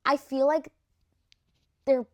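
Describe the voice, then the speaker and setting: Chatty young woman vlogging, slightly high voice. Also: level tone, slow. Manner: chatty, filler-heavy slangy talk. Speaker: vlogger ranking reality show cast. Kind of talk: casual chat to camera.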